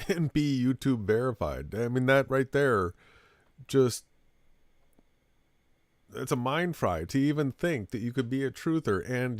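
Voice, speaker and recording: A man's voice: mid-range voice, no echo, clean studio sound. A man co-hosting a commentary show, making sarcastic and mocking remarks.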